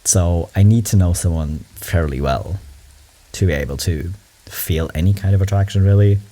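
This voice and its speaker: Deep, mellow-voiced man chatting casually. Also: moderate pace. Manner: chatty, lots of "like" and "um" fillers. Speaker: meme reaction host. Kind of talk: casual reaction commentary.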